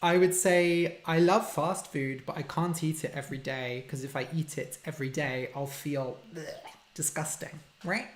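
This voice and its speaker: A man's voice: on the high side, steady tone, moderate pace. A man, a language teacher hosting a casual live-stream Q&A, reading out viewer questions and explaining simple words for learners. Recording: roomy echo.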